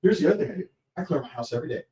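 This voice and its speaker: A man telling lively stories on a podcast recorded live at an event, laughing often and acting out what people said. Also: a little high, very fast, distant mic. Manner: energetic, laughs often, acts out quotes. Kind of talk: animated storytelling. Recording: echoey, off-mic at a live show.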